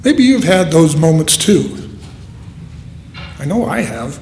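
A man preaching a sermon in an earnest, unhurried way, with dramatic pauses. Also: a little high, big pitch swings, gravelly, darkish tone, slight background noise. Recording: echoey hall.

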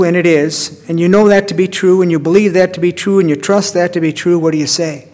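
Earnest man preaching in a reverberant hall. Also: fairly high pitch. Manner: earnest preaching, dropping to a hushed hold on prayers. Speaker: pastor. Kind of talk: sermon.

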